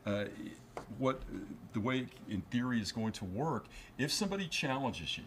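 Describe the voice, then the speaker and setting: A man's voice: medium pitch, very animated, moderate pace, fairly bright tone, a little hiss or hum. A man, an attorney guest on a studio news interview, explaining at length with frequent fillers and restarts.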